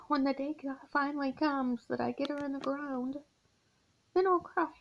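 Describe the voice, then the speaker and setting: In a dull, lo-fi home recording, a middle-aged woman shares personal confessions in a vlog from her mother's house. She has a high voice with vocal fry and speaks slowly, wearily, and from the heart, sighing often.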